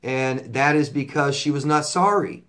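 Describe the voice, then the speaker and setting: A man's voice: medium pitch, measured pace, fairly bright tone. Blunt, plain-talking male coach. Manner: blunt, repetitive, swears when riled. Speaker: relationship coach answering viewer questions. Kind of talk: casual advice monologue.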